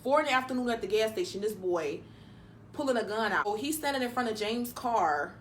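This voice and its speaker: Young woman rambling thru a storytime mukbang, lots of "like", kinda high voice. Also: lively intonation, brisk, a little hiss or hum. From Detroit, USA. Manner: chatty, loose, full of "like" fillers. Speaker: mukbang vlogger. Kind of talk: casual storytime chat while eating.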